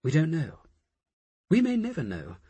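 A man voicing a hesitant, higher woman scientist. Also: huge pitch swings, moderate pace, warm tone, breathy edge, no echo, exaggerated voice. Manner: hesitant, musing.

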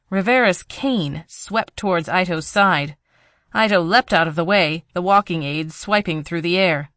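A narrator reading a tense thriller audiobook in a steady storytelling voice, recorded on a close mic. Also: mid-range voice, unhurried, no echo.

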